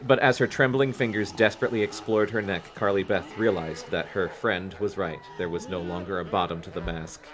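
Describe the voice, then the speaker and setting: A man's voice: sits low, steady tone, fairly quick, few pauses, crowd noise. A man hosting a comedic book-reading podcast, reading aloud with jokey asides, over a video call. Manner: jokey asides between read passages. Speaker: podcast host and reader.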